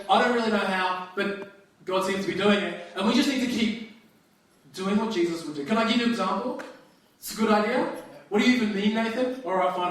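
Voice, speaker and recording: High-voiced man preaching in an echoey hall. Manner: conversational, lively preaching with restarts. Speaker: pastor. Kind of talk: sermon. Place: church hall. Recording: very echoey hall, distant mic.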